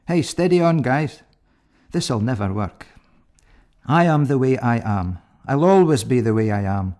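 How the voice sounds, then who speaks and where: A man putting on a fussy, nervous paralyzed man who grumbles at his carriers. He speaks a bit higher and louder than his own voice, jokey and put-upon. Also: lively intonation, measured pace, close to an everyday voice. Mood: grumbling. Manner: complaining, jokey.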